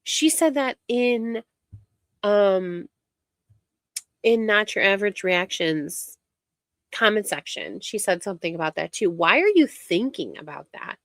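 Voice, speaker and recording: A woman's voice: medium pitch, expressive, a little slow, fairly bright tone, dry recording, clean studio sound. A woman giving casual reaction commentary, exasperated and mocking as she rants about online drama. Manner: exasperated, mocking, talks over clips.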